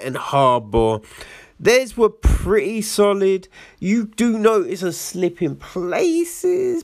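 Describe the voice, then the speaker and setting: A man's voice: mid-range voice, no room sound, studio quality. A man giving a casual film review in a chatty way, laughing often and asking "right?" after his points.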